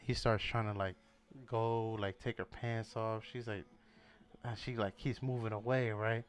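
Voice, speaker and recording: A man's voice: lowish voice, measured pace. A young man co-hosting a podcast, telling a crude story in casual chat, acting out voices and laughing often. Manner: animated, profane, laughs often, acts out voices. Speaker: podcast co-host.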